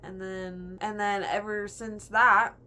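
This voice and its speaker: A woman's voice: medium pitch, flat delivery, slow pace, bright, forceful tone. A young woman in a casual book review chat, gushing and chatty, filling her talk with "like". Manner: gushing, chatty, heavy use of "like".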